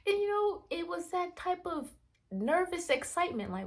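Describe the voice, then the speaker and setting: High-pitched lady vlogging, rambly story, acts out her own reactions. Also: normal speed, gravelly. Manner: animated, rambling, quotes herself in hushed asides. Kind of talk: casual storytelling vlog.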